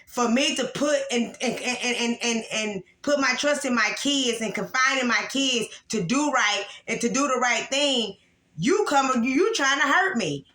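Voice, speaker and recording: Woman, 40s, angry vlog rant, bright tone, echoey room. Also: on the high side, moderate pace, few pauses. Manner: emotional, repetitive, upset and angry. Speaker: vlogger. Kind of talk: casual vlog venting to viewers.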